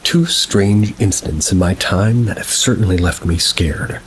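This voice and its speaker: Deep-voiced man narrating ghost stories. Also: unhurried, a little hiss or hum, low-quality recording. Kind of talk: reading first-person paranormal stories.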